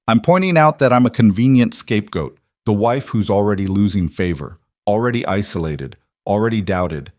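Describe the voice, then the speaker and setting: A man's voice: fairly low pitch, expressive, normal speed, hardly any pauses, darkish tone, no echo, clean studio sound, natural voice. A man voicing a pregnant young mafia wife who insists on her innocence, his voice lifted and tense. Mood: pleading.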